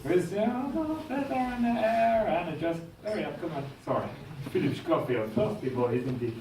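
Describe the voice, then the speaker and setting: A man's voice: sits high, expressive, moderate pace. A man performing a live comedy magic act at a party, joking with the crowd in a put-on French waiter voice. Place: golf club function room. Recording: echoey function room from far off, loud party noise.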